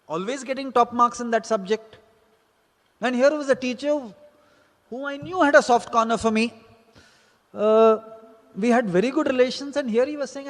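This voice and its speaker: A man, a teacher, telling a personal story from his student days and acting out the exchanges he quotes. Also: very high voice. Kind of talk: spoken personal anecdote. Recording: hall reverb.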